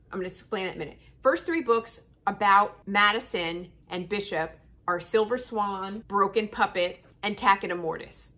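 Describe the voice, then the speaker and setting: A woman's voice: mid-range voice, a bit bright. A woman chatting casually and enthusiastically about a book series in a review vlog.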